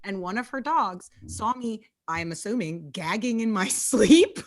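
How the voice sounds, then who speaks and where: A woman's voice: mid-range voice, lively intonation, no echo, clean studio sound. Chatty woman host telling stories. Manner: chatty, storytelling, quick asides. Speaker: comedian interview host. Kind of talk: casual livestream interview.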